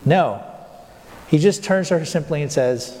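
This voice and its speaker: In a church with a long reverb, a pastor with a fairly high, expressive, mellow voice preaches a sermon, with a little hiss or hum audible. He poses rhetorical questions to the congregation and slows down, drawing out key words for emphasis.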